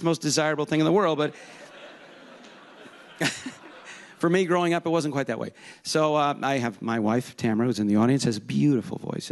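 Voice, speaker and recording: A man speaking on stage before a live audience in a loose, joking conference talk. He rambles and pokes fun at himself in a mid-range voice, slipping in quick voice demos as he goes. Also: medium pitch. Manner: rambling, self-deprecating, slips in quick voice demos.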